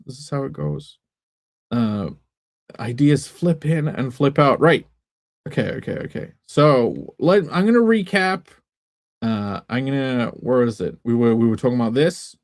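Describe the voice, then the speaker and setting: A man talking casually on his live stream about his comics, rambling and cutting himself off with jokes. His pitch rises and falls a lot, and the sound is close and dry, with no room echo. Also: darkish tone. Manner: rambling, self-interrupting, joking. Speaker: comic book creator and streamer.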